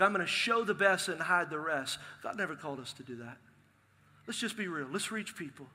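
A middle-aged male pastor, preaching a lively, joking sermon in a large church. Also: high-pitched. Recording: long hall reverb from a live sanctuary.

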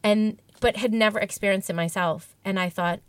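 A woman recounts a hard chapter of her life in a candid interview, reflective and emotional, often restarting her sentences. Her voice sits at a middle pitch, recorded dry and close with no room sound. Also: fairly even intonation, normal speed, dry recording. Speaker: interview guest. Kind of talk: candid personal storytelling.

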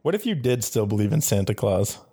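A man's voice: fairly low pitch, sing-song, fairly quick, warm tone, slightly rough, no room sound, clean studio sound. A man co-hosting a comedy podcast in casual chat, joking and acting out silly movie scenes. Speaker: podcast co-host.

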